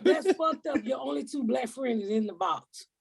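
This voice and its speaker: An older woman hosting a comedy podcast, loud and profane as she vents in heated, casual storytelling. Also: sits high, animated, normal speed, vocal fry, a crowd in the background. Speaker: host.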